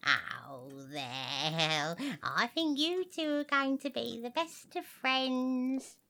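A woman's voice: high voice, big pitch swings, extremely slow, gravelly, sharp tone, full character voice. A woman playing a doting, fussy old lady pet owner in a comedy radio sketch, talking in cooing, sing-song baby talk.

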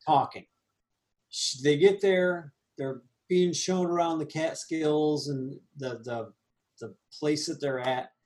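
A man co-hosting a casual movie review chat, animated and laughing, with quick asides. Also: a little high. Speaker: podcast co-host.

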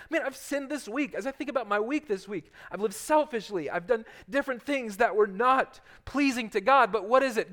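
A middle-aged male pastor preaching a sermon, swinging from loud urgent passages to hushed soft ones. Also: extremely high pitch.

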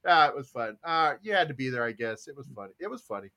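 A man's voice: mid-range voice, sing-song, fast talker, background noise. A man hosting a casual podcast, telling jokey stories and laughing at his own bits. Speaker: podcast host. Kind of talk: casual chat.

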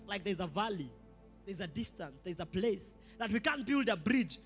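A Kenyan pastor preaching a sermon with animated delivery, switching between English and Swahili slang and rising to shouts. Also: high-pitched, moderate pace, slightly rough, faint music behind.

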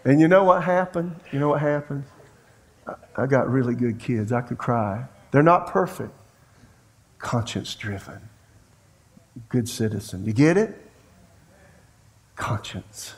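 A man's voice: medium pitch, lively intonation, normal speed. A middle-aged man preaching a sermon as pastor, telling folksy stories and acting out family dialogue. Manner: folksy storytelling preacher who acts out dialogue.

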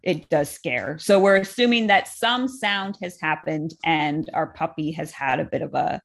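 Low-pitched woman, laid back, explaining stuff step by step, lots of "like". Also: measured pace, creaky. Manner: relaxed, explains step by step with frequent "like" fillers. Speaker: dog trainer, co-host. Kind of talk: casual explanatory chat.

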